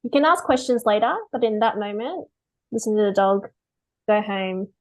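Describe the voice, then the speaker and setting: A woman dog behaviourist talking through a webinar, lively and chatty, acting out owners in quick quotes. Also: medium pitch, rough recording. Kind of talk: webinar talk.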